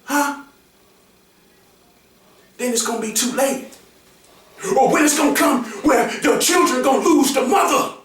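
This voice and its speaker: A man giving an impassioned motivational monologue, preachy and emphatic, repeating his phrases and often rising to a shout. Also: very high voice, unhurried, long pauses. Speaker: motivational speaker. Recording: very echoey room, voice far from the mic.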